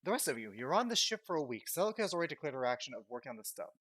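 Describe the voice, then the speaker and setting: A male game master explains the scene to his players in a relaxed, chatty way. His pitch moves around a lot, and the recording is dry and close. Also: rapid-fire, dry recording. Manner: casual, explanatory. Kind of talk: narrating a tabletop game.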